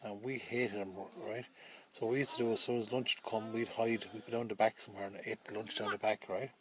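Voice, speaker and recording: A man's voice: fairly low pitch, level tone, a little fast, a crowd in the background. An Irish man telling a rambling, chatty story to his family, often checking in with his listeners.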